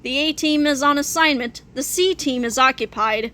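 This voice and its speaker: High, bright woman reading aloud. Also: moderate pace, few pauses. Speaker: read-aloud narrator. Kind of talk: reading a graphic novel aloud.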